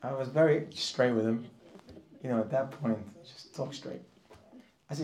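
A man preaching a sermon as a rabbi, telling stories and swinging from hushed asides to loud, emphatic lines. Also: mid-range voice, normal speed, long pauses. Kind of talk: sermon with storytelling.

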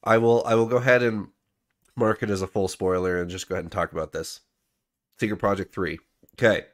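A man hosting a podcast, explaining points in a relaxed, conversational way. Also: fairly low pitch, a little fast. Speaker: podcast host. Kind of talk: casual book discussion.

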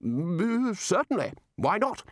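A man doing a booming, brisk old wizard chief. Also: sing-song, exaggerated voice. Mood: hearty. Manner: booming, brisk and cheerfully dismissive. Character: hearty bossy elderly male wizard chief. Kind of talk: audiobook character voice.

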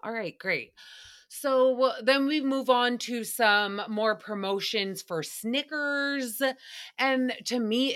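A woman talks through a solo podcast recap in a loose, sarcastic, rambling way. Her voice is bright and clear, and she keeps wandering off into side jokes. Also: mid-range voice. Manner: chatty, sarcastic, rambling with tangents and laughs. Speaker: podcast host.

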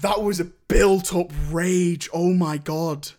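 A man's voice: high voice, fairly even intonation, slow pace, darkish tone. A man hosting a podcast in casual chat, laughing and apologetic, swearing freely. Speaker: podcast host.

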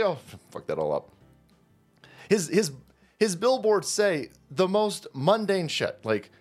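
A man's voice: high voice, huge pitch swings, takes it slowly. A man hosting his own channel, delivering a foul-mouthed, mocking political rant. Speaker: commentary channel host.

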